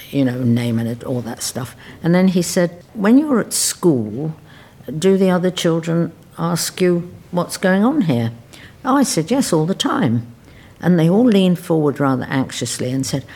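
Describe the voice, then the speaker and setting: An older English woman telling stories about her childhood in a lively, wry, precise way, answering interview questions. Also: sits low, breathy edge. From England. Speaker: interviewee recalling wartime childhood. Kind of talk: conversational storytelling.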